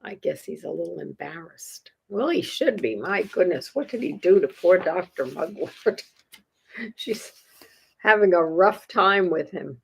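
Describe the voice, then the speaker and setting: Woman storytime reader, slow and lively, slightly husky voice, playful, asks the kids questions. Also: on the low side. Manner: playful, chuckling, asks young listeners questions. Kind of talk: reading a picture book aloud to children.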